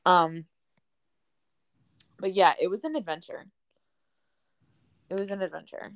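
A young woman in casual chat, telling a story in a relaxed way with lots of fillers. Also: on the low side, unhurried, no echo.

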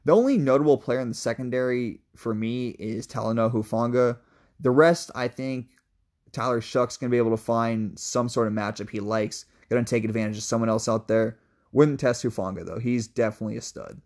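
A man's voice: mid-range voice, fairly even intonation, a little fast, darkish tone. A young man co-hosting a college football podcast, giving emphatic, opinionated analysis in a casual, sometimes profane way. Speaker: sports podcast co-host.

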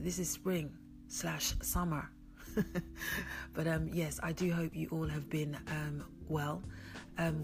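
A low-voiced woman hosts a laid-back podcast, chatting and teasing her guest with frequent laughter. Faint music plays behind her. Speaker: podcast host. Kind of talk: casual podcast chat.

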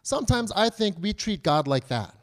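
A man in his thirties delivers a sermon in a talky, conversational way. His voice sits a little high, and he keeps asking the room questions and mimicking pleading voices. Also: sing-song, moderate pace. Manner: conversational preaching with rhetorical questions; acts out children's and believers' pleas in a higher voice. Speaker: pastor.

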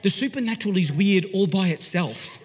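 An Australian pastor tells a story from the pulpit, chatty and animated, rising loud and dropping to a hush. His voice sits a little high and sounds husky. Long reverb from a large church hall trails behind every phrase. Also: brisk. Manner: animated, conversational, swings from loud to hushed. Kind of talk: storytelling sermon.

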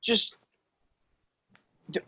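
An American man from the United States rants in frustration during a heated casual chat, exasperated and swearing a lot. His voice is extremely slow, pushed and bright, and the recording has a dull lo-fi sound.

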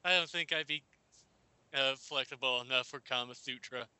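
A man with a smooth, very bright voice, making jokes at his own expense in relaxed podcast chat. The sound is dry and close. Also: medium pitch, moderate pace, no room sound. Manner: self-mocking, laughing. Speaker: podcast co-host. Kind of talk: casual group chat.

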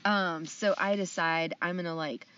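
A woman's voice: lowish voice, unhurried, clean tone. A woman co-hosting a podcast, telling a story in a rambling way, full of likes and ums. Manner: rambling, lots of likes and ums, grows animated. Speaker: podcast co-host. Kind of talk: casual storytelling chat. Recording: distant, dull lo-fi sound.

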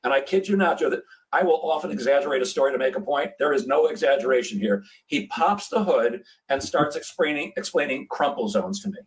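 A man's voice: mid-range voice, fairly quick, few pauses, far from the mic, low-quality recording. A man hosting a podcast interview, telling a story casually and acting out the dialogue. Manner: animated, acts out quoted dialogue. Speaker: podcast host. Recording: voice set back from the mic.

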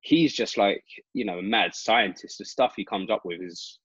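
Low-voiced British man, animated storyteller. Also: moderate pace, breathy edge, no room sound. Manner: animated, lots of "like" fillers. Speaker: guest magician. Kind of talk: casual storytelling chat. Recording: dull dry lo-fi sound.

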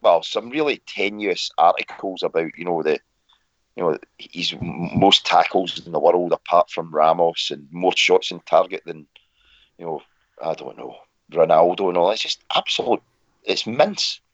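A man with a very deep voice, stuffed up with a cold, trades blunt, sardonic remarks as podcast co-host. His remote line sounds dull and dry. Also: normal speed, fairly bright tone, no room sound. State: congested with a cold.

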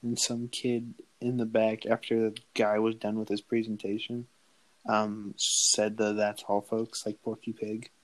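A man's voice: on the low side, monotone, measured pace, low-quality recording. Teasing young man in casual chat. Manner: teasing, insistent storyteller.

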